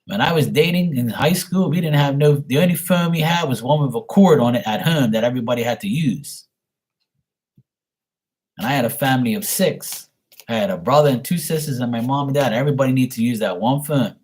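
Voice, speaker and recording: A man's voice: mid-range voice, a little fast, a little mellow. A man in his forties chatting casually as a stream host, rambling through stories with plenty of swearing. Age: 40s. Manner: rambling, profane, storytelling. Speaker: stream host answering paid questions. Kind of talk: casual chat.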